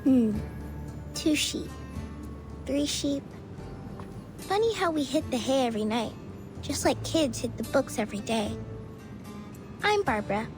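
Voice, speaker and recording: A woman doing a high, chatty sheep-headed lady. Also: expressive, a little slow, pauses often, music in the background. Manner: polite, talkative, breezy.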